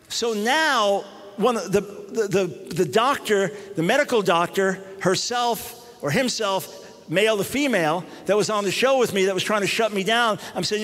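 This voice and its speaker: High-voiced man speaking in a reverberant hall. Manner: animated, with quick restarts. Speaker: Christian radio host and speaker. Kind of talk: storytelling public talk.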